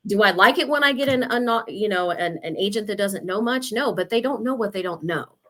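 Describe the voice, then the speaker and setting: A woman's voice: medium pitch, animated, a little fast. A woman in her fifties from Ohio, a real estate agent telling her story in a chatty, casual interview. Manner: chatty, storytelling with quoted asides.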